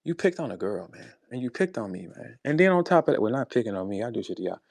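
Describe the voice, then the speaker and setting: A man with a St. Louis accent calling out a rival in a heated, profane monologue, tossing in "bro" and "man" and swinging from low muttering to loud high outbursts. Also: very animated, quick pace, vocal fry, no echo. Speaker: battle rapper addressing a rival. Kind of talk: heated monologue on a live audio space.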